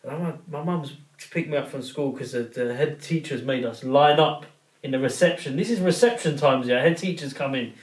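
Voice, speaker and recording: A young man telling animated, slang-heavy stories in a casual podcast chat. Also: mid-range voice, normal speed. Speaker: podcast guest or co-host. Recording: roomy, distant mic.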